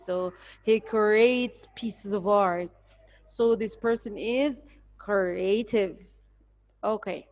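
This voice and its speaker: An Egyptian-accented woman teaching English vocabulary, explaining words patiently and spelling them out letter by letter. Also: fairly high pitch. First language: Arabic. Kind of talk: recorded spelling lesson. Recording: dull lo-fi recording.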